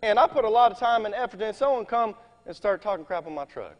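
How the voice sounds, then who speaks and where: A man with a high voice preaches in an animated, folksy way, breaking off into scripture readings. His voice rings with a long reverb in a large hall. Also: fast talker. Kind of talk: sermon. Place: church meeting hall.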